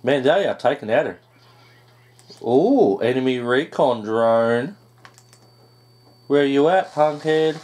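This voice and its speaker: Man, gameplay commentary, lively swooping pitch, excitable and swearing. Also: slow pace, pauses often. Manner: excitable, swears and groans at setbacks. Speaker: gaming YouTuber.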